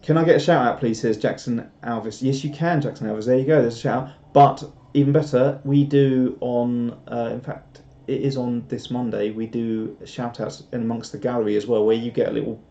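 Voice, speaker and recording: A man's voice: mid-range voice, fairly even intonation, moderate pace, gravelly, few pauses, dark tone. A British man hosting a casual live stream and chatting through viewer comments in a rambling, self-deprecating way, chuckling often. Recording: dull lo-fi stream audio.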